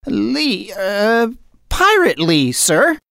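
A woman's voice: medium pitch, drawn-out words, vocal fry, no room sound, studio quality, pitched above the performer's own voice, exaggerated voice. A woman voicing an eager young boy who dreams of being a pirate, in a storybook reading. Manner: excited, eager.

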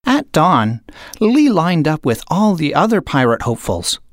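A woman narrating a children's storybook aloud in a slow, expressive read-aloud manner. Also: deep voice, dry recording.

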